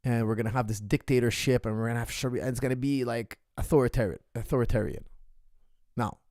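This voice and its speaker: A man talks through his views in a casual solo monologue. He is emphatic, hammers points by repeating them and swings from loud to soft. His voice sits at an ordinary middle pitch, and the recording is dry with no room sound. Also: quick pace, no echo. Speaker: martial arts coach hosting a Q&A.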